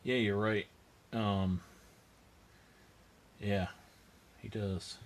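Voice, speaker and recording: A man's voice: fairly low pitch, steady tone, drawn-out words, a little hiss or hum. A man hosting a miniature painting livestream, chatting casually as he works and answering viewers with dry, self-mocking humor.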